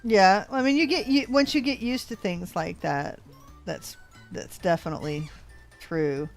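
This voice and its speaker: A woman's voice: mid-range voice, a little slow, soft background music. Chatty older American woman gamer. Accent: American, slight Texas drawl. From American West Coast. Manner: rambling, chatty, self-correcting. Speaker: let's play host. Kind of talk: casual gameplay chat. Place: home, living in Georgia.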